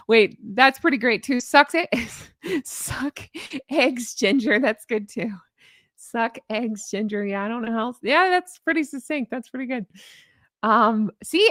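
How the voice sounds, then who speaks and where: A woman with a fairly high, fairly bright voice hosts a casual YouTube live-stream commentary. She's chatty and gushing as she reads viewer comments aloud, in studio-quality sound with no room sound.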